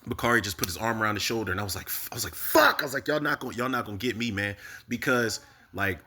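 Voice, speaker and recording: A man casually recapping a TV episode, animated and profane, talking straight to his viewers. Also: on the low side, very fast. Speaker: TV recap host.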